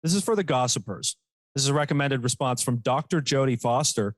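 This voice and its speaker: A man's voice: mid-range voice, expressive, brisk, no room sound. A man co-hosting a casual comedy podcast, joking, reading quotes aloud mockingly and laughing often. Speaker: podcast co-host.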